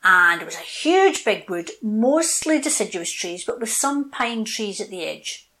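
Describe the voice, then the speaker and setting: A woman's voice: mid-range voice, unhurried, rough recording. A woman telling a children's folk tale, doing voices for the characters. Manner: lively storytelling with character voices. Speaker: storyteller guest.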